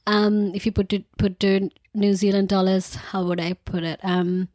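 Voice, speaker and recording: A young woman with a Sri Lankan English accent, chatting casually as a podcast co-host and telling a story in a lively way. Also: mid-range voice, normal speed, dry recording, studio quality. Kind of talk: casual chat.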